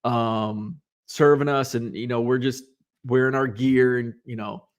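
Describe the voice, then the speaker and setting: A man's voice: mid-range voice, fairly even intonation, measured pace. A man from Illinois hosting a podcast, chatting casually and rambling with lots of fillers and asides. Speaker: podcast host. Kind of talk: casual live-show chat, reading viewer comments.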